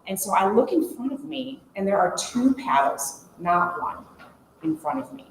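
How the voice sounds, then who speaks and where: A woman in her forties telling a lively story to a conference audience, laughing as she goes. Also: mid-range voice, moderate pace. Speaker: conference speaker. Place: conference room. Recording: echoey conference room, faint hum.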